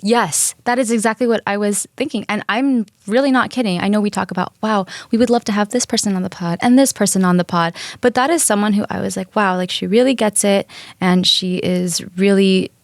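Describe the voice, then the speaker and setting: A young woman co-hosts a casual podcast chat, earnest and gushing as she retells what she read. Her voice sits in a middle pitch, recorded close and dry with no room sound. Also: steady tone, fairly quick, no room sound. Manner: earnest and gushing, tells stories with quotes. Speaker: podcast co-host.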